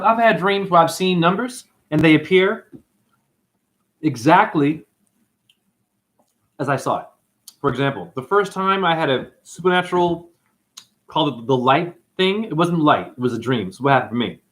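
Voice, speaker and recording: A man's voice: fairly high pitch, normal speed, pauses often. A man hosting a livestream, chatting in a rambling way, answering comments and swearing freely as he tells stories. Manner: excitable, profane, rambling storyteller. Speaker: livestream host.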